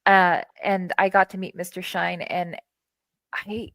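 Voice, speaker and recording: A woman's voice: fairly low pitch, unhurried, dry recording. Chatty American woman hosting a podcast. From United States. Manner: chatty, excitable, stumbling restarts. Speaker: podcast host. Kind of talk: casual interview chat. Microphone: video call with green screen.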